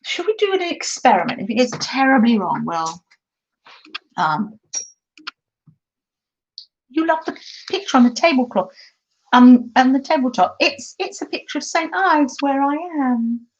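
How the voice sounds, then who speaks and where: A woman's voice: high voice, big pitch swings, a little slow, pauses often, muffled recording. A middle-aged woman hosting a casual craft live stream, chatting and reading viewer comments aloud with frequent laughs. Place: holiday home, indoors at a craft table. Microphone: laptop mic.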